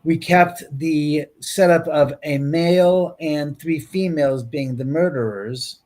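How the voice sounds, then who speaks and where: A man's voice: a little high, takes it slowly, darkish tone. A man from Los Angeles, a guest film producer, telling stories on a podcast and acting out quoted dialogue with lots of restarts. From Los Angeles, USA. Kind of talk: animated storytelling on a podcast.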